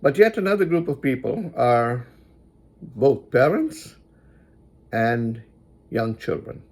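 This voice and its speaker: A man giving moral advice in a reflective spoken monologue, deliberately repeating lines for emphasis. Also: mid-range voice, sing-song, a little mellow.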